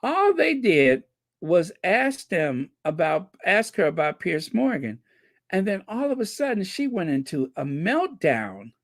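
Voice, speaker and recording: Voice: medium pitch, very animated, measured pace, no room sound. A channel host giving commentary on viewer comments, emphatic and repeating key points for effect.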